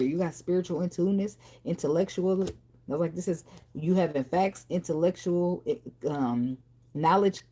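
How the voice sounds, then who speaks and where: Low-voiced, blunt woman tarot reader. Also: warm tone, breathy edge. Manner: blunt, profane and talkative. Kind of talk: casual tarot reading.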